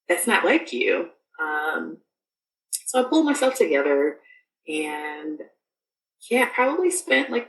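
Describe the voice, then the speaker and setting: A woman's voice: medium pitch, reverberant, recorded from a distance, a little hiss or hum, low-quality recording. A woman guest on a podcast, telling a personal story in casual, rambling speech full of fillers and restarts.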